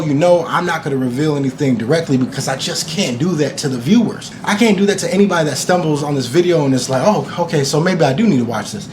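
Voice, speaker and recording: Young male vlogger with a raised pitch, loose and profane, faint background noise. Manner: animated, swearing, acts out his own reactions. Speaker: vlogger reviewing a TV series. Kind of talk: casual reaction vlog.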